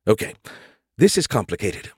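A man voicing a male AI who talks in a halting, unsure way. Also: lowish voice, very animated, slightly rough, dry recording, clean studio sound, exaggerated voice. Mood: hesitant.

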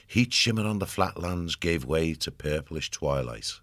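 Male audiobook narrator, very low voice, dry close sound, steady and measured. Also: dry recording.

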